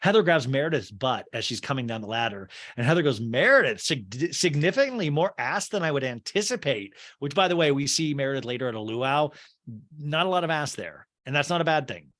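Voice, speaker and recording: A man's voice: medium pitch, expressive, quick pace, fairly bright tone. A man hosting a comedy podcast, recapping a reality show in a wry, gossipy and theatrical way. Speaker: podcast host. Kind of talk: comic TV recap.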